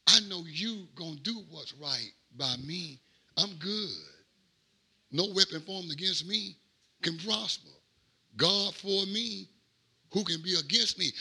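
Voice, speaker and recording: A middle-aged man, a pastor, preaching a sermon in a rhythmic cadence that swings from quiet asides to shouted peaks. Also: sits high, a little slow, creaky, slightly rough.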